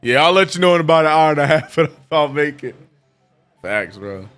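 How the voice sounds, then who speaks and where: A man hosting a live watch-along stream, chatting casually with his chat and breaking into excited play-by-play calls. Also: fairly high pitch, clean tone, soft background music. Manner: laid-back banter, reads chat aloud, gets loud and drawn-out calling plays.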